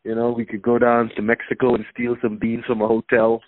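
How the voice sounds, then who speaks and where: A man's voice: mid-range voice, completely flat delivery, fairly quick, no echo. Profane man telling stories over a phone line. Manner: storytelling, profane, stammering restarts. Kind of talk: casual comedic chat. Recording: dry thin phone-like sound.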